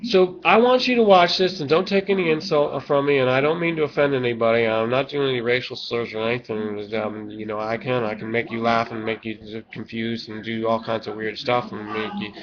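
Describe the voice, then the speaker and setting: A man ranting in a rambling vlog monologue, swinging from low mumbles to loud, drawn-out shouting. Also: steady tone, a crowd in the background. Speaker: vlogger. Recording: dull lo-fi webcam audio.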